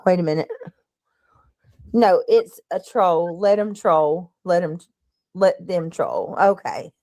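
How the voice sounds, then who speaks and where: A woman's voice: fairly low pitch, expressive, slow, a little mellow. A woman hosting a livestream, chatting casually and reading out her viewers' comments as she greets them. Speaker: livestream host.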